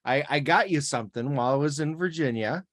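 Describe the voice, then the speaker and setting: A woman's voice: deep voice, quick pace. A woman from South Dakota with a Midwestern American accent, co-hosting a podcast in casual chat, laughing and restarting her sentences. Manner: chatty, laughing, many restarts. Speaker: podcast co-host.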